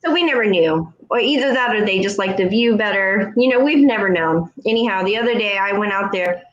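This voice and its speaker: A woman's voice: medium pitch, brisk, dull audio, slight background noise. A woman telling a story in a casual chat, acting out the other voices as she goes. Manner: animated, acts out other voices in her stories. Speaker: co-host. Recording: echoey room.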